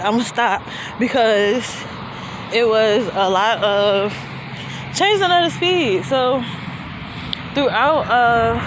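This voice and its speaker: A woman vlogger out of breath as she walks a rest-area trail, chatting casually and rambling in relaxed slang into a handheld phone. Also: a little high. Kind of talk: casual vlog narration while walking. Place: outdoors at a highway rest area. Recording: outdoor traffic noise.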